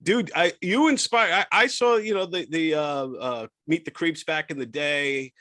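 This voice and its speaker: A man's voice: a little high, moderate pace, sharp tone, dry recording. Stammering enthusiastic man host. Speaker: podcast host. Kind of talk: casual interview.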